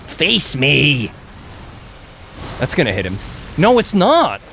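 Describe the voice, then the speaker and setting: A man streaming a video game with casual commentary, excitable, swearing and begging his character to survive. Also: on the high side, slow pace, vocal fry, slight background noise. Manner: excitable, begs and yells at the game, swears freely.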